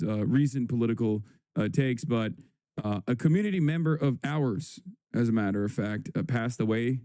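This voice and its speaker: A man hosting a livestream, chatting casually and sarcastically, reading headlines slowly between many fillers. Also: mid-range voice, mellow, clean tone, no echo. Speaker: livestream host.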